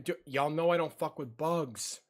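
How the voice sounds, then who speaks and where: A man's voice: fairly high pitch, moderate pace. A young man streaming from his computer at home, giving jumpy reaction commentary, easily startled and given to yelps and shrieks.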